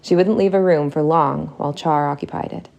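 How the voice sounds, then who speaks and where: A woman reads a first-person audiobook with a low voice. Her tone is gravelly with vocal fry. She tells the story in a steady, intimate way. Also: a little fast. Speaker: audiobook narrator.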